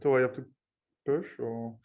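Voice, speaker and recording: A man's voice: mid-range voice, steady tone, normal speed, a little mellow. A man taking part in a language lesson as a student, repeating words hesitantly and trying sounds out tentatively.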